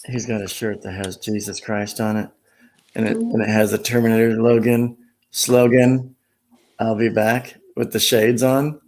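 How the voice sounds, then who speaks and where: A man's voice: flat delivery, normal speed, a little mellow. Joking man in casual home chat. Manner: joking, retells film scenes with silly high voices. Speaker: conversation partner.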